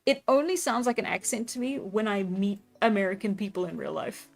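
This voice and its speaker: A live-streaming artist chats casually with her audience while drawing, giggling often and reacting to chat. Her voice is medium-pitched, gravelly, and a little fast. Faint music plays in the background.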